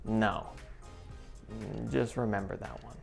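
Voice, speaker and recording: A woman teaching an English lesson, explaining clearly and deliberately. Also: extremely low pitch, a little mellow, soft background music. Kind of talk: scripted lesson.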